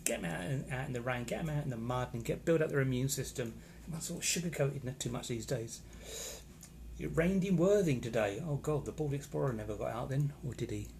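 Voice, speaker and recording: Chatty man with gravelly voice. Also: medium pitch, fairly quick, a little mellow, slight background noise. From England. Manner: rambling, chatty, reacting to comments. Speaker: vlogger reading live comments. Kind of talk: casual live-stream chat. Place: hotel room.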